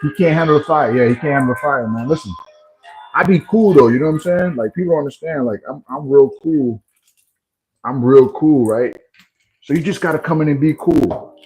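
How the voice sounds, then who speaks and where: In a low-quality recording with soft background music, a livestream host chats casually with his viewers, trash-talking them in a playful, teasing, animated way. His voice is fairly high-pitched and moves at a moderate pace.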